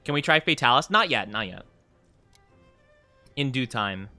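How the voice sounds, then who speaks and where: A man's voice: medium pitch, lively intonation, a little slow, long pauses, sharp tone, soft background music. A man chatting casually and playfully while streaming a game, rambling and laughing often. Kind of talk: casual live-stream chat while gaming.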